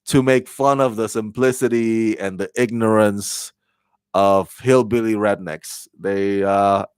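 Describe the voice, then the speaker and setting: A man's voice: lowish voice, steady tone, takes it slowly, darkish tone, smooth, dry recording. A man giving a casual spoken TV review, rambling and repeating words as he thinks aloud. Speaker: TV show reviewer.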